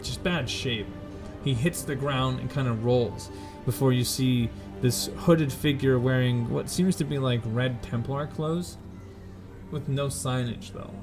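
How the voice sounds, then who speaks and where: A man runs a tabletop game, narrating each scene in unhurried, deliberate detail at a middle pitch. He pauses often and corrects himself as he goes, with faint music playing behind him. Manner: slow, descriptive, with fillers and self-corrections. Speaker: game master.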